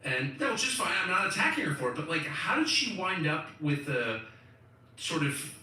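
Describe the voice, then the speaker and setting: A middle-aged man hosts a live commentary chat, his bright voice swinging widely in pitch. He talks in incredulous, emphatic bursts. The sound is echoey and picked up from some distance. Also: big pitch swings, normal speed. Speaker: host.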